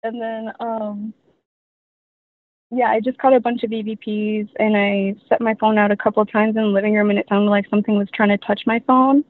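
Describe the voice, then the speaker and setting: A woman's voice: medium pitch, little pitch movement, fairly quick, no echo. A young woman telling her story as a guest, rambling with many fillers. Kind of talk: casual storytelling. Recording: tinny dry phone line.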